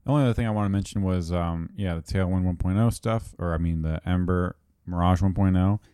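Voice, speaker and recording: A man hosting a casual podcast, relaxed and chatty, laughing easily. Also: low voice, a little fast, clear, resonant tone, no room sound, clean studio sound. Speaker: podcast host.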